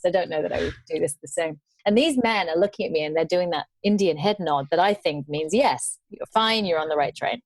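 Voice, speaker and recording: A woman tells her travel stories as a guest, her voice pitched a little low. She brings the tale to life by acting out the people she met. The recording is dry and close. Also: dry recording. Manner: animated storyteller, acts out quoted voices. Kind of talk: storytelling interview.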